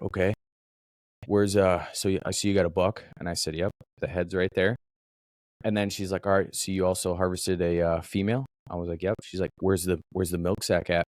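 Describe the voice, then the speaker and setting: A man from Minnesota, a podcast host, telling a story in casual chat with animated swearing. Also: low voice, a little fast, no room sound, studio quality.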